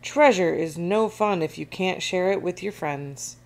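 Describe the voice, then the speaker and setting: A woman's voice: fairly low pitch, measured pace, creaky. A woman voicing Grumpy Toad, a friendly male toad in a storybook, with a cheerful welcoming manner.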